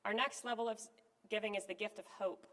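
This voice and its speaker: A woman's voice: medium pitch, fairly even intonation, fairly bright tone. Earnest woman giving a fundraising appeal in a hall. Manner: measured, earnest delivery. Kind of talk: scripted fundraising speech. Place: event venue with live and online audience. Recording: long reverb from a large hall.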